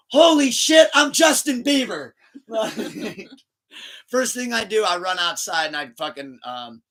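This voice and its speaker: A man hosting a casual podcast, telling stories in an animated way, laughing often and swearing freely. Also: medium pitch. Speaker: podcast host.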